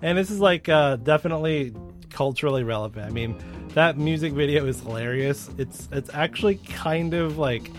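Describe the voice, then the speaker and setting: A man's voice: fairly high pitch, moderate pace. A young man co-hosting a podcast, talking casually with many fillers and restarts. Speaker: podcast co-host. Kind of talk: casual chat. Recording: faint music underneath.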